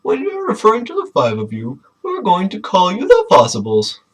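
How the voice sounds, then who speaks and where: A man doing a squeaky, gushing dinosaur dad. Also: wildly swooping pitch, normal speed, low-quality recording. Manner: high, sing-song, gushing. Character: overly cheerful dinosaur dad, preachy and proud. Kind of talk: mocking book reading.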